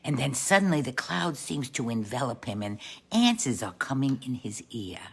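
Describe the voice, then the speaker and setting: Woman doing a low-voiced Italian-American aunt. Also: very animated, moderate pace, vocal fry, husky, heavily acted. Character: chatty Italian-American aunt, doting, fond of advice. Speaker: storyteller. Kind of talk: comic character storytelling.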